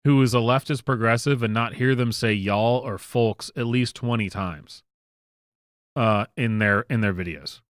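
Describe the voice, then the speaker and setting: A man's voice: medium pitch, unhurried, no room sound, studio quality. A man from the American South with a Southern accent, hosting a commentary channel and giving a casual, emphatic rant full of restarts and fillers.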